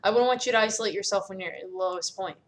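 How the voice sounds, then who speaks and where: A woman's voice: mid-range voice, very fast, close to an everyday voice. A woman reading as an earnest, stern team captain. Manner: earnest, pleading and firm.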